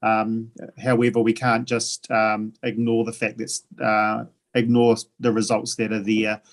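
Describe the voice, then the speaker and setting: A man with a New Zealand accent chairing a council meeting, speaking haltingly with many fillers and restarts. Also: fairly low pitch, monotone.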